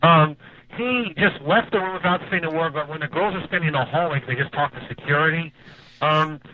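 A man's voice: on the high side, fairly quick, narrow, tinny audio. A man calling in to a radio show, bluntly adding details to a story in casual chat. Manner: blunt, eager to add details. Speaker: caller on the show.

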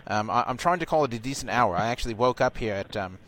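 A man's voice: medium pitch, expressive, fast talker, fairly bright tone, close to an everyday voice. A man playing a pompous retired British colonel who stammers and gets indignant when doubted. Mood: blustering. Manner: stammering, indignant, easily flustered. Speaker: prank caller posing as a reporter.

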